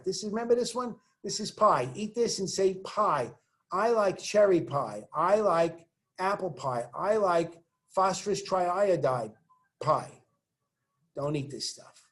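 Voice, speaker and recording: High-voiced, playful male chemistry teacher. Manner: playful, joking asides while working through examples; encouraging, coaching students to say formulas aloud. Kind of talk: recorded online chemistry lesson.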